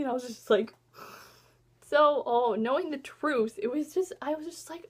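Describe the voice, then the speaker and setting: A woman talking casually in a vlog, rambling and excitedly reviewing a book she loves and hates parts of. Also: sits high, normal speed, husky. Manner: animated swings between loud and soft. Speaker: book vlogger.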